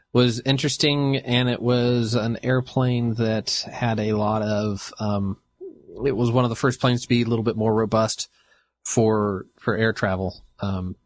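Lower-voiced hesitant podcast co-host. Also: male voice, dry recording. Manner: halting, hesitant with many fillers. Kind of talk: casual podcast chat.

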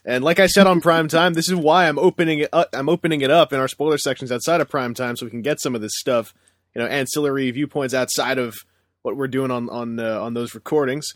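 A man hosting a casual podcast chat, rambling with stammered restarts and sudden excited outbursts. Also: mid-range voice, fast, no echo, clean studio sound. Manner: rambling, repeats words when starting, bursts into excited shouts. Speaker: podcast host.

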